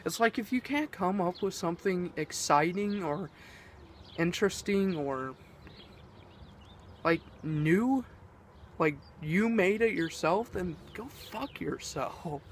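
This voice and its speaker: Give me a man venting in a casual vlog, profane and rambling, with a lively, swooping pitch. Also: slow, a little hiss or hum. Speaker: vlogger.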